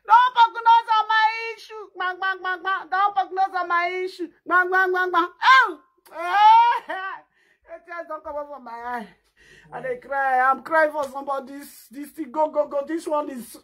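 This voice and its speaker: A woman with a Nigerian accent doing a comic skit, fake-crying, wailing and laughing in Pidgin English. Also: high-pitched. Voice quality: loud wailing and laughing, sing-song fake sobbing.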